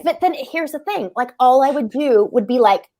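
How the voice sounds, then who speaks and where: A middle-aged woman co-hosting a podcast, with a somewhat high voice. She tells her story casually and with animation, and keeps checking in with "right?" and "like". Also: normal speed. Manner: animated, frequent "like" and "right?" asides. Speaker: podcast co-host and public speaker.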